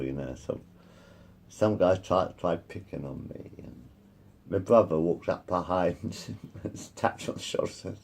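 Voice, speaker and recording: A man's voice: on the low side, creaky, breathy edge. A man in his fifties telling rambling personal stories, repeating himself and swearing freely. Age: 50s. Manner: repetitive, circles back and swears freely. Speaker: vlogger.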